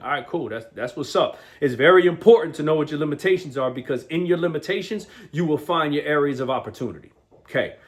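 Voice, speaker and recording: Male motivational host, fairly high voice, energetic and slangy, repeats himself and keeps checking in with the listener. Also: fast. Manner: restarts and repeats words often. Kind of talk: motivational talk.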